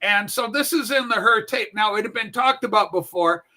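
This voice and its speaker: Man, brash profane political host, high voice, very bright tone, animated rants. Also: normal speed. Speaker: political talk show host. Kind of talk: casual political commentary livestream. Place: home room with a Star Trek shrine.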